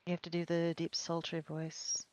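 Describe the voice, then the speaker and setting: A woman streaming a farming game with a friend, playful and full of quick questions. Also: on the low side, monotone, a little mellow, a little hiss or hum. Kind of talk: casual co-op gameplay chat. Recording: dry, dull lo-fi mic.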